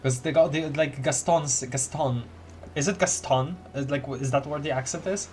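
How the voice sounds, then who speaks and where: A man's voice: fairly high pitch, moderate pace. A man streaming a story game, reading dialogue aloud with lots of giggles and playful repeated words.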